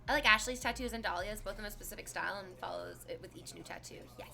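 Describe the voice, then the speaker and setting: A woman in her thirties streaming and chatting casually as she reads viewer messages, lively and animated, bursting into laughs and exclamations. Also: mid-range voice, fast, vocal fry, crowd noise.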